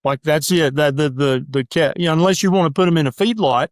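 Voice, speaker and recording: A middle-aged man, a doctor and guest, talking in an emphatic, rapid-fire way and acting out the voices of his critics in a casual interview. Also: on the high side, no echo, studio quality. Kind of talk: animated casual interview talk.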